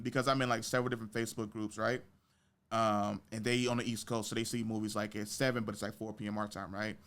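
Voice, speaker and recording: A young man hosting a podcast, telling stories in casual chat with slang and profanity. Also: fast talker. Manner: animated storytelling with big pitch jumps in quoted reactions. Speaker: podcast host.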